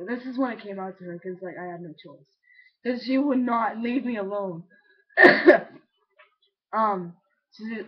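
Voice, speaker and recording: A young trans man in his late teens talks straight to a webcam in a loose, wandering way. He leans on "like" and drops swear words as he goes. The audio is dull and lo-fi. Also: high voice. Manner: rambling, heavy use of "like", casual swearing. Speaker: vlogger. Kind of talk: casual confessional storytelling.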